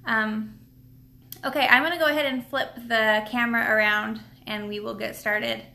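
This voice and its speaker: Chatty woman doing a live stream tutorial at her table, rambly, lots of ums, bright edgy voice. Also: on the high side, fairly even intonation, normal speed. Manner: chatty, rambling, many fillers and restarts. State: a bit out of breath. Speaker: nail product seller and live stream host. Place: at home, seated at a table.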